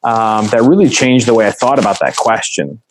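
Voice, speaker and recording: Earnest low-voiced man telling a story. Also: lively intonation, normal speed, slight background noise, poor audio. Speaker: podcast guest. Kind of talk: casual interview conversation.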